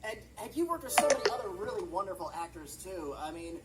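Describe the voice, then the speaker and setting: A man interviews a guest, mostly chiming in with short encouraging remarks. His voice is a little high, and it comes over a video call with heavy noise and clicking sounds. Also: very animated, quick pace. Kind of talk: conversational interview.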